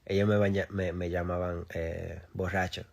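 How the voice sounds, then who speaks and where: A man's voice: sits low, little pitch movement, fairly quick, vocal fry, a little mellow. A young man chatting casually on a phone live stream, joking, laughing often and reading comments, unable to roll his R's.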